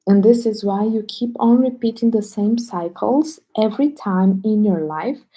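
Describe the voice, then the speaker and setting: A woman teacher on a live stream, speaking low and hushed at home so she won't wake people sleeping nearby. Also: poor audio.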